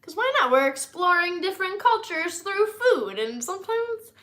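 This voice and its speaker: Her voice is extremely high with big pitch swings, bright and forceful, delivered at a moderate pace. A young American woman, slightly nasal from recently being ill, rambles casually to camera in a snack-tasting vlog full of likes and ums.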